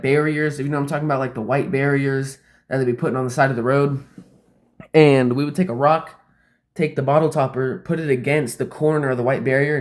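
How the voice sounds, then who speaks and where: Rambling man telling a story, roomy echo. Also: mid-range voice. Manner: rambling, fills speech with "like" and swearing. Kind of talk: casual storytelling.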